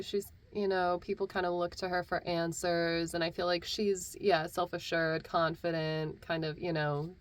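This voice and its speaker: Reflective vlogger, woman voice actor, slightly low voice, soft music under. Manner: relaxed, reflective, conversational. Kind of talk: vlog talk and voice-over.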